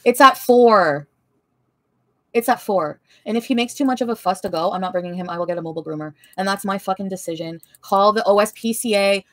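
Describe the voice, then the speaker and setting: A woman's voice: mid-range voice, quick pace, few pauses, dry recording. A woman livestreamer answering her chat in a heated, profane, confrontational rant.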